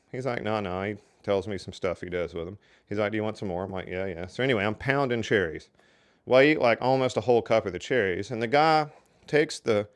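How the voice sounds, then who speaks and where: Folksy low-voiced man telling stories. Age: older. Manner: folksy and chatty, with lots of "so anyway" and "you know". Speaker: storyteller. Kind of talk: casual storytelling.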